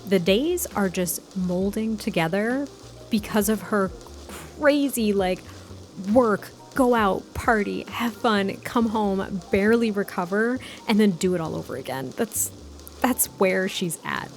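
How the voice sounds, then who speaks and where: A woman's voice: mid-range voice, expressive, unhurried, soft background music. A woman hosting a gameplay video, chatting casually and giggling as she narrates what her characters are thinking. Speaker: let's play host.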